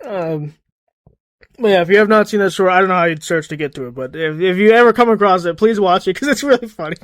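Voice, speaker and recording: A man's voice: high-pitched, fast, dry recording, studio quality. A man co-hosting a podcast in casual chat, often laughing while he tells stories. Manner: laughs through his own stories. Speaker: podcast co-host.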